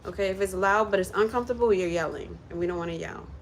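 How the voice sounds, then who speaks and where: Woman, casual creator, livestreams from her kitchen, encouraging voice-coach delivery, mid-pitched, faint background noise. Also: quick pace. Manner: chatty, encouraging, coaching step by step. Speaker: content creator and vocal coach. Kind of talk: casual livestream chat with a mini singing lesson. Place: home kitchen while cooking.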